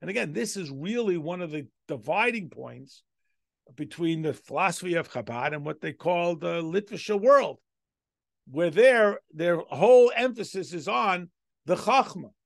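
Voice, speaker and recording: A man's voice: sits high, animated, a little slow, vocal fry, dry recording, studio quality. A man teaching a Torah lesson as a rabbi, reading Hebrew text aloud and explaining it step by step with rhetorical questions. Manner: reads Hebrew text aloud then translates.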